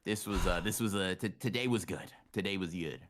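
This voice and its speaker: A man with a very deep voice co-hosting a casual podcast. He talks in an animated way, often says things twice and swears loosely. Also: fairly quick, a little hiss or hum. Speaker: podcast co-host. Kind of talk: casual chat.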